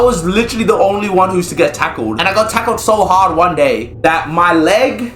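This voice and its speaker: High-voiced young man telling a story. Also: fairly quick, few pauses, music in the background. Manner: animated, exclaiming, slangy. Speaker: vlogger. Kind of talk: comic storytelling.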